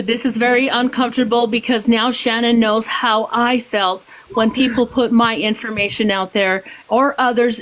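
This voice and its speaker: A woman in a heated live stream argument, talking with a slightly high voice. She is upset and emphatic, saying she is shaking, and keeps repeating herself as she pleads her case. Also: fairly bright tone, poor audio. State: shaking with anger.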